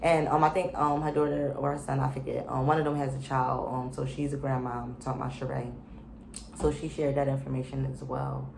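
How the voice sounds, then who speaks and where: A woman's voice: rumbling low, level tone, a little fast, creaky, a little mellow, roomy sound, a little hiss or hum. A woman casually recapping a reality show, chatty and opinionated, with lots of fillers and slang.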